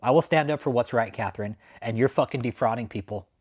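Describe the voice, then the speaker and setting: A man's voice: medium pitch, fast talker, breathy edge. A man hosting a live stream, ranting in anger, swearing a lot and repeating his threats, from Texas. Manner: heated, profane, repetitive. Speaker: channel host. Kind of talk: angry livestream rant. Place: home in San Antonio.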